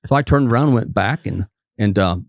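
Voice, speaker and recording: Older man with a low, dry voice. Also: fairly quick, vocal fry, dry recording. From West Virginia. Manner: folksy anecdote teller, acts out quotes. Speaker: guest, former state trooper and physician. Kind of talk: casual storytelling interview.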